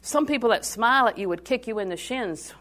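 Older woman preacher with sermon cadence, swinging between loud declarations and near-whispers, call-and-response. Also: on the high side, animated, brisk.

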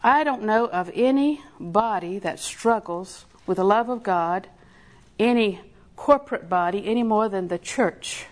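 Folksy older woman preaching. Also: mid-range voice. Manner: folksy, storytelling with laughs, slow emphatic repetition. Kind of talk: sermon.

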